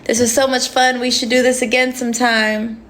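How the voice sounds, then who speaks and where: A woman's voice: a little high, little pitch movement, moderate pace, fairly bright tone. A woman chatting casually to viewers on a phone livestream, rambling along and laughing often.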